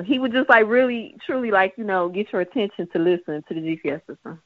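This woman speaks quickly in a medium pitch, with no echo on the dry, tinny, phone-like line. Chatting casually, she laughs and livens things up by performing small character voices.

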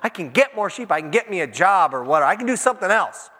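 A man's voice: high-pitched, big pitch swings, quick pace, bright, forceful tone, full character voice. A man voicing a lazy, self-serving hired shepherd who talks in a flippant, shrugging way. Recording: long church-hall reverb.

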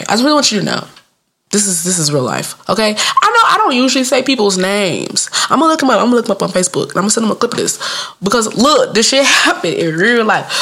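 A woman in her thirties telling a comic story about her childhood, profane and playful, jumping into high squeaky voices for the people in it and laughing at her own jokes. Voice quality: animated, acts out voices in high squeaky pitch. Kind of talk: storytelling stand-up routine.

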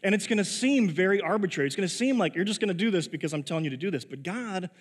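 A man's voice: high voice, expressive. Chatty preacher man in a reverberant hall. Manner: chatty, halting restarts, laughs at his own story. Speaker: pastor. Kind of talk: sermon with personal storytelling. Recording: long reverb of a large hall.

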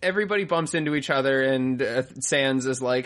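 A man's voice: mid-range voice, fairly quick, a bit bright. A man in a casual recap chat, joking loosely and riffing on the story, swearing freely. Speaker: podcast co-host.

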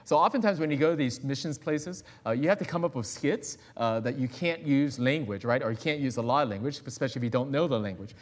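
A man's voice: medium pitch, fast, few pauses. A man preaching a sermon as guest pastor in a church, conversational and full of personal asides.

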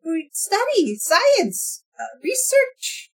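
A woman's voice: extremely high pitch, huge pitch swings, very slow, pitched above the performer's own voice, full character voice. A woman voicing a serious, terse creature researcher who speaks in clipped, broken phrases. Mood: insistent.

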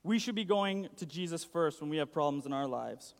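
A man's voice: a little high, expressive, fairly quick. A young man giving a casual sermon, chatty and full of "like". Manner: chatty, uses "like" a lot. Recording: long hall reverb.

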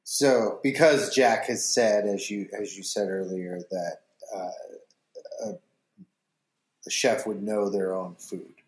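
A man's voice: lowish voice, steady tone, slow pace. A man co-hosting a podcast, recapping a plot in casual chat. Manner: recapping a plot, acting out characters' lines. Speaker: podcast co-host. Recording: roomy echo.

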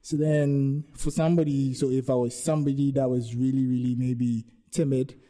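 A man's voice: medium pitch, level tone, moderate pace, dark tone. A young man, co-hosting a podcast and telling joking stories in casual chat. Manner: storytelling, joking. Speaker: podcast co-host.

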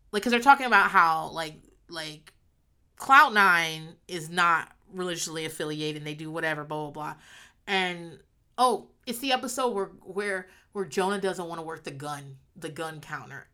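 A young woman talks through her favorite sitcom moments in loose, rambling chat. Her voice is bright and forward, and she slips into quick acted-out lines for the characters. She laughs often and loses her track, then picks it back up. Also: on the low side. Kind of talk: casual chat recapping a sitcom.

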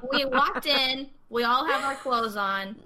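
A woman hosting a podcast, chatting casually and telling stories with lively asides. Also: high voice, noisy background. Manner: animated storytelling, quick asides. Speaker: podcast host. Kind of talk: casual chat.

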